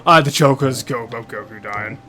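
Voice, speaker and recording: A man's voice: mid-range voice, brisk, sharp tone, faint music behind. A man casually commenting on a video game playthrough, playful and self-mocking. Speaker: game critic doing a playthrough. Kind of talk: casual let's-play commentary.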